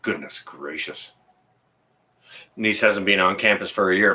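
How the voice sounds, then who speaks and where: Man, livestream host, heated rant, forceful bright tone. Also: mid-range voice, very animated, a little fast. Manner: fired-up, swears then apologizes.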